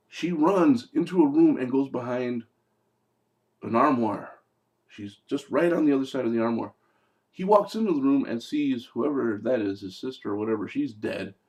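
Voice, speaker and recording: Male reviewer, gravelly voice, swears freely, sarcastic and rambling. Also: on the high side, a little mellow. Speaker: movie reviewer. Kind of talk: casual spoken movie review.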